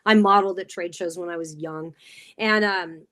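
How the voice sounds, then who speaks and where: A middle-aged woman telling an animated, laughing story in a casual chat as a podcast guest. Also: fairly low pitch, moderate pace.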